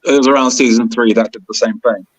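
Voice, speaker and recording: A man co-hosting a podcast in casual chat, excitable and rambling, with bursts of enthusiasm. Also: medium pitch, quick pace, breathy edge, no echo, rough recording. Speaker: podcast co-host.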